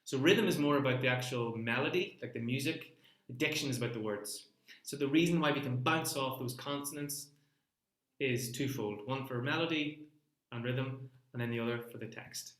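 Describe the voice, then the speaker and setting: A man's voice: mid-range voice, moderate pace, a bit bright, echoey room. A man teaching an online singing lesson, coaching vowels and rhythm with sung examples.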